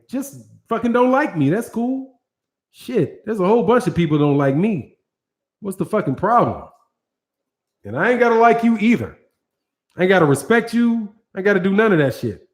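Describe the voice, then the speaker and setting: High-voiced Midwestern man, profane. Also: brisk. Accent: Midwestern American. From American Midwest. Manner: profane, animated, reads viewer chat aloud. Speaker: host. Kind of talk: casual livestream chat.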